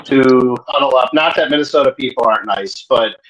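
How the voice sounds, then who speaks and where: A man joining a casual sports chat as co-host. He talks in an easygoing, chatty way at a mid-range pitch. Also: fairly quick, a bit bright, poor audio. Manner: chatty, laughs easily, gives tips. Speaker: podcast co-host.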